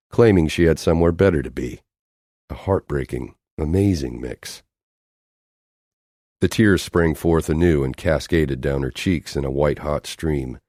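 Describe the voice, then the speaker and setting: A man reading an audiobook as narrator, measured and dramatic, letting his phrases fall off at the ends. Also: very deep voice, a little mellow, dry recording, studio quality. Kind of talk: scripted narration.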